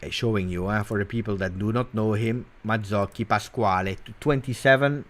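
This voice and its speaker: Animated man talking football. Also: on the low side, brisk. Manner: animated, teasing, swings from loud to muttered. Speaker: football channel host. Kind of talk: casual live commentary.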